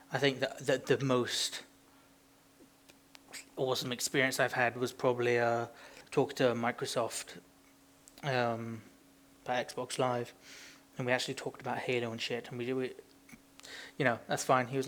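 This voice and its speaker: A man's voice: medium pitch, level tone, normal speed, a bit bright. A young man with a British accent chats on an amateur podcast. He rambles, swears and rants about everyday annoyances, slipping into silly impressions along the way. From Britain. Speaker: podcast co-host. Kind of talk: casual chat.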